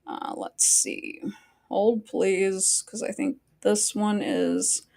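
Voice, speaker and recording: A woman's voice: mid-range voice, drawn-out words, vocal fry, mellow. A woman hosting a live stream, chatting casually and bluntly with her viewers, swearing freely and wandering off into asides. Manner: blunt and profane, talks straight to chat; chatty asides and frequent fillers. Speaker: livestream host.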